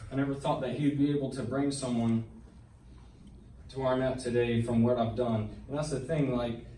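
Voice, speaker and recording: A man with a mellow, medium-pitched voice gives a personal testimony to a church congregation at a moderate pace and with fairly even intonation. He retells a Bible story in earnest, colloquial speech that builds in intensity. A distant mic in an echoey church hall picks him up, with faint background noise.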